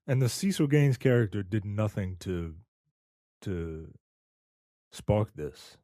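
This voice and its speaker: A man co-hosting a film podcast, talking in slow, profane banter. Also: on the low side, lively intonation, dark tone, no room sound, clean studio sound. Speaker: podcast co-host. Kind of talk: casual film-review banter.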